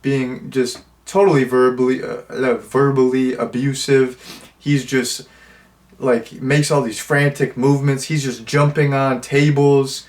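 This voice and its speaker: A man's voice: medium pitch, flat delivery, measured pace. A man giving a casual, rambling movie review, full of fillers and restarts and jokes at his own expense. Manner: self-mocking, lots of fillers and restarts.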